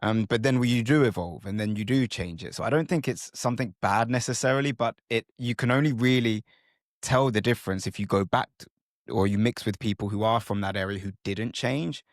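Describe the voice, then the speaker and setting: A man's voice: on the low side, fairly quick, dry recording, studio quality. A man hosting a podcast interview, talking in a thoughtful, reflective way. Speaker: podcast host.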